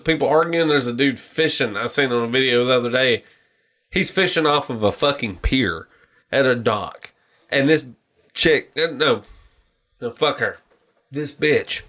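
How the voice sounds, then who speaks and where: A man's voice: medium pitch, moderate pace. A man hosting a podcast in casual chat, ranting and telling stories with lots of swearing. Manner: profane, ranting, animated storytelling. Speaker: podcast host.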